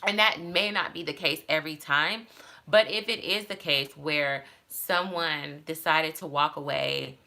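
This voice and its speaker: A woman talks candidly to her phone camera, giving casual advice in a rambling way. Her voice sits low but has a bright, forceful edge. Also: unhurried, gravelly. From Texas. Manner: candid, rambling, many fillers. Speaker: vlogger.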